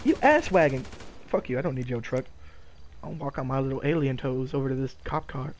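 A young man streaming a game, talking casually with loud, profane, laughing trash talk. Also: mid-range voice, animated, fairly quick, a little hiss or hum. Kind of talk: casual gaming stream commentary.

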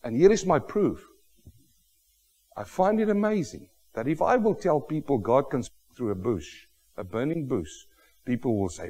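A man preaching a sermon with emphatic, exclamatory delivery, building to loud rhetorical questions. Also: mid-range voice, very animated, moderate pace, slightly rough, long reverb tail. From Australia. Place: church hall.

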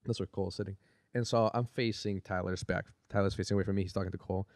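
A man with a low, gravelly voice tells a story in casual podcast chat. He talks quickly and acts out each quoted line. The sound is close and dry. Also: no room sound. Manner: animated storyteller acting out quotes. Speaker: guest.

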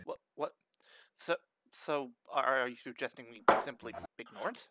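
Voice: mid-range voice, moderate pace, noisy background, lightly acted. Stammering formal adventurer, as a player puts it on. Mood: doubtful. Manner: stammers, stiffly formal wording.

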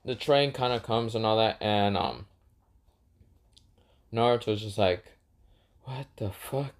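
A man's voice: fairly low pitch, a little slow, smooth. A man casually telling a self-made adventure story, rambling with lots of fillers and stopping to correct himself. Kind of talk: casual fan-fiction storytelling.

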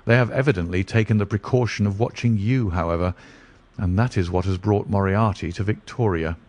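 Man doing a calm clever detective, low voice, measured, assured. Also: close to an everyday voice. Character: calm, clever male detective, middle-aged.

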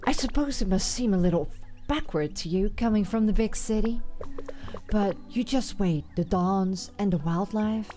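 A woman's voice: mid-range voice, moderate pace, dark tone, soft background music, close to an everyday voice. A woman voicing a cheerful, chatty young village woman who greets a newcomer in a bubbly manner.

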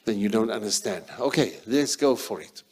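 Male pastor with a South African accent and a low voice, emphatic sermon delivery that swings from loud to hushed. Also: expressive, normal speed, breathy edge. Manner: emphatic preaching, sudden loud and soft shifts.

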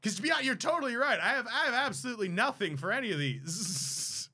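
Brief: young male co-host, high and bright, hesitant comic rambler. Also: animated, fast, slightly rough. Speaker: podcast co-host. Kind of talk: casual comedy chat.

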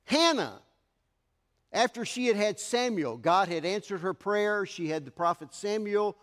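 Emphatic preacher in a reverberant church. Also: male voice, high-pitched, expressive, a little slow. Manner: emphatic, swelling to loud declarations. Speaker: pastor. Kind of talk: sermon. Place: church sanctuary.

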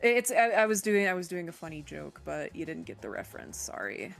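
A woman's voice: lowish voice, sing-song, a little fast, gravelly, faint music behind. A woman co-hosting a game stream, chatting casually in a rambling way full of fillers. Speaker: co-host guest.

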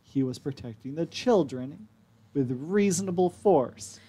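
A man's voice: on the high side, lively intonation, unhurried, dark tone, husky. A man voicing a formal, officious woman mayor in a tabletop game. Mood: defensive. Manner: stiff, officious speech. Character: formal middle-aged woman town mayor.

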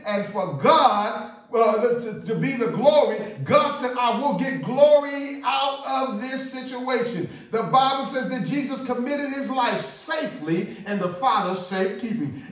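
A man preaching a sermon as pastor, excitable and stumbling over repeated words as he builds up. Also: very high voice. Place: church sanctuary. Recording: echoey room, mic at a distance.

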